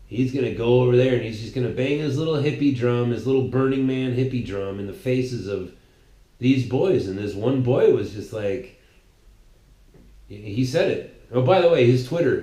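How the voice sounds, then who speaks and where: A man's voice: medium pitch, darkish tone. A man delivering a heated, ranting commentary monologue as a podcast host, emphatic and often restarting his sentences. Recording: echoey room.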